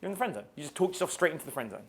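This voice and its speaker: A man's voice: fairly high pitch, very animated, rapid-fire. A man teaching a live dating seminar in a casual, swearing style, quizzing his audience. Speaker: dating coach.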